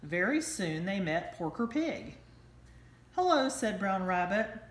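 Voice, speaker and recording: A woman teacher reading a bedtime story aloud in a slow, expressive storytelling manner. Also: medium pitch. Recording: roomy echo.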